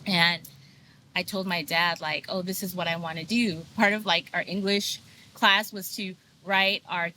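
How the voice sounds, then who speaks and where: Woman, earnest and frank, lots of fillers, tense bright tone. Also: lowish voice, steady tone, unhurried, a little hiss or hum, poor audio. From United States. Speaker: guest, sound healer. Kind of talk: candid personal storytelling. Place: video podcast set.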